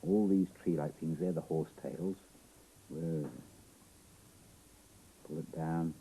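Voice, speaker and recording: A middle-aged Australian man, a children's TV presenter, reading a picture book aloud to young children in a playful, animated way with gasps and exclamations. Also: a bass voice, measured pace, pauses often, slight background noise, poor audio.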